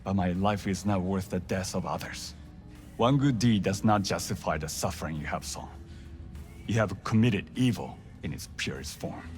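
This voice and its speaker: An actor playing a gentle, pious monk who speaks formally and gravely, without contractions, in game dialogue. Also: male voice, low-pitched, normal speed, close to an everyday voice. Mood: solemn. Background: music.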